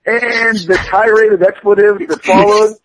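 A man, a comic book artist, chatting casually on a podcast, rambling and animated with plenty of profanity. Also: sits high, normal speed, low-quality recording.

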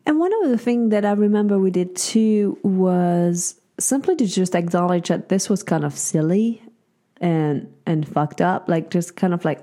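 A woman co-hosts a relationship podcast and tells a personal story in a relaxed, chatty way. Her voice is mellow and warm rather than bright. When she quotes what was said, she lifts her voice to act the lines out. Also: fairly low pitch, a little slow. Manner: acts out quoted lines in a raised voice. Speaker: podcast co-host. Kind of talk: casual storytelling chat.

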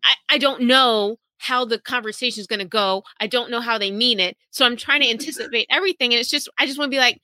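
A woman's voice: a little high, fast talker, hardly any pauses, no room sound, low-quality recording. A woman with a Southern American accent, chatting casually as a guest and acting out bits of dialogue. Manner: animated, acts out quoted dialogue. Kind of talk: casual chat.

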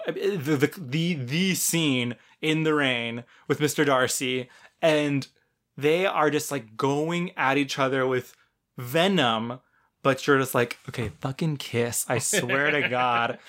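Rambling, excitable male podcast co-host. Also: a little high, takes it slowly. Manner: rambling, enthusiastic, swears often. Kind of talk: casual film chat.

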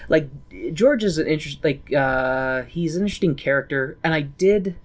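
A man's voice: on the high side, moderate pace. Rambling man recapping a show. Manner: rambling, loses his train of thought, acts out quotes with laughs. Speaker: podcast co-host. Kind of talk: casual podcast chat recapping a musical.

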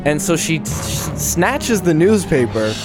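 A young man co-hosting a casual podcast, telling a school story with lively acted-out quotes. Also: a little high, slow pace, music in the background. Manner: animated, acts out quoted voices, laughs often. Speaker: podcast co-host.

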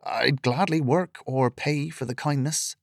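A man voicing a polite male traveller who speaks softly and courteously. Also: medium pitch, a little slow, creaky, no room sound, studio quality. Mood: apologetic. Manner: soft, hushed and courteous.

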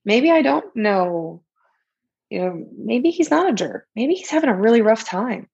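A woman's voice: on the high side, sing-song, measured pace, creaky, darkish tone, husky, dull audio. A woman, an author and coach, talking casually as a podcast guest, laughing often and restarting her sentences.

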